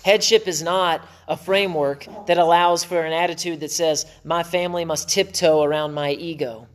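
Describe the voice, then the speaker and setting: A man preaching a sermon as pastor, conversational, with quick asides and self-corrections. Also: on the high side. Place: church.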